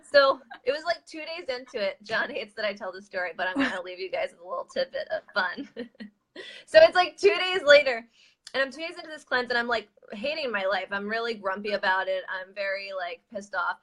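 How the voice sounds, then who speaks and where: Bright-voiced woman host chatting. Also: medium pitch, brisk. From United States. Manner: animated storyteller, laughs often. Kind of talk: casual chat.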